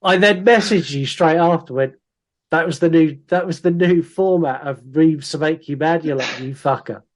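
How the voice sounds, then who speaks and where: A man's voice: fairly high pitch, moderate pace. A man co-hosting a casual podcast, animatedly reading out listener comments. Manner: animated, reads listener comments aloud with put-on voices. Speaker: podcast co-host. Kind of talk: casual chat.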